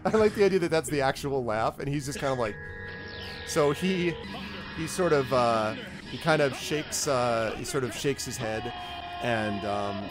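A man narrating as game master in a relaxed, amused way, voicing the characters as he goes. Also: medium pitch, moderate pace, loud music behind the voice.

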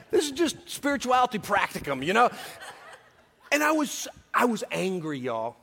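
A man's voice: high voice, very animated, normal speed, vocal fry, fairly bright tone, slightly rough, big-room sound. A man preaching a sermon, mixing humorous personal stories with earnest exhortation to his congregation. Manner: humorous, confiding storyteller turning to earnest exhortation.

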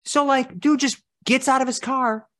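A woman co-hosting a podcast in casual chat, teasing her co-host and chiming in with quick reactions. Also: sits high, fairly even intonation, fairly bright tone.

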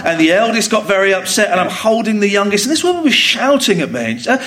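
A middle-aged man, a guest on a live comedy podcast, telling stories in an animated way and swearing freely. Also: high-pitched, fast talker. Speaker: podcast guest, radio presenter. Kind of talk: anecdotal chat. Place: theatre stage before a live audience.

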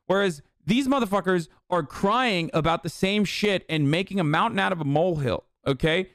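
A man's voice: on the high side, no room sound, studio quality. A man giving heated, sarcastic political commentary, swearing constantly as he reacts to a clip.

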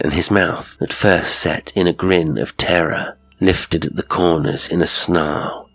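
A man narrating a horror story in a measured, dramatic reading. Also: deep voice, vocal fry, no room sound.

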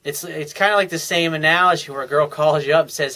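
A man's voice: on the high side, fairly even intonation, fast talker, pushed and bright. A man hosting an advice show, giving blunt, coaching, sometimes profane advice from listener emails. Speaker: dating advice host. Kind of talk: advice monologue.

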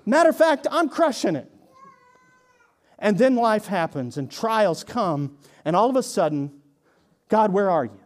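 A male pastor preaching a sermon in a conversational way, with sarcastic asides, swinging from hushed lines to emphatic ones. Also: sits high, big pitch swings, measured pace, long pauses.

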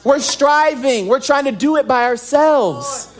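A young man preaching a sermon as pastor, animated and joking, acting out little scenes as he goes. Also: extremely high pitch, a little slow.

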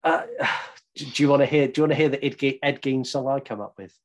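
A man's voice: medium pitch, quick pace. Rambling, joking Englishman. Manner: rambling, swearing, jokey storyteller. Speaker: podcast co-host. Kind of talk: casual chat.

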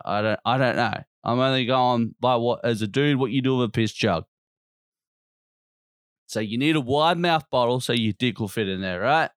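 Aussie guy ranting on his podcast, swears nonstop, mid-pitched voice, dry close mic. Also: clear, resonant tone, no echo. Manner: blunt and profane, swears constantly. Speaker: podcast host. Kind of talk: casual ranting monologue.

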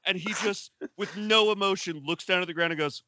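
A man's voice: high-pitched, fairly quick, bright, forceful tone, dry recording, muffled recording. A man co-hosting a casual film podcast, rambling with lots of filler words and laughing at his own jokes. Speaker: podcast co-host.

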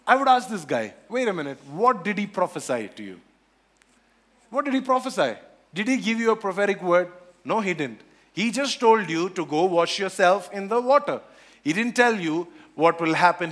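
A man with a high-sitting voice preaches a sermon on scripture. He's animated, repeating phrases and acting out the voices he quotes.

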